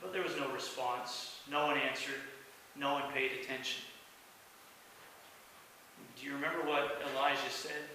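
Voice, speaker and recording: A man's voice: mid-range voice, fairly even intonation, normal speed, long pauses, sharp tone. A man preaching a sermon as pastor, telling a Bible story and acting out the quoted lines with sudden rises in voice. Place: church sanctuary. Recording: echoey church hall, mic from a distance, faint hiss.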